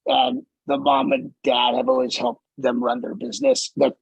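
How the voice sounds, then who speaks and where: A man with a gravelly, husky voice swings his pitch up and down as he tells stories in a casual chat. He laughs and swears freely while he talks. The sound is dry and close. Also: very animated, normal speed, no echo, low-quality recording. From Los Angeles area. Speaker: podcast host.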